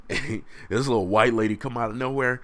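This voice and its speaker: A young man hosting a podcast alone, telling a story casually in slang, animated and often laughing. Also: mid-range voice, no echo. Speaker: podcast host.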